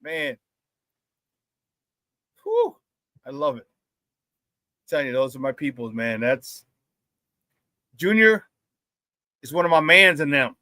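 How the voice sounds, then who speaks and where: A man hosting a live morning sports talk show, loud and playful, hyping up his audience with shout-outs. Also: fairly high pitch, a little slow, long pauses, no room sound.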